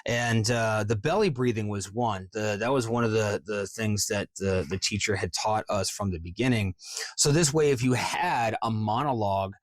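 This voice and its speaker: A man's voice: fairly low pitch, moderate pace, no room sound. A man in his forties, a voice actor in a casual vlog, explaining script reading in a rambling, profane, self-mocking way. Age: 40s.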